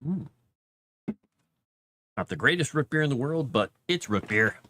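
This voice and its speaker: A man's voice: mid-range voice, animated, a little slow, bright, forceful tone, dry recording. Playful rambling man on a livestream. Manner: playful and rambling, chatting with viewers. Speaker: streamer and game writer. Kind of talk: casual livestream chat.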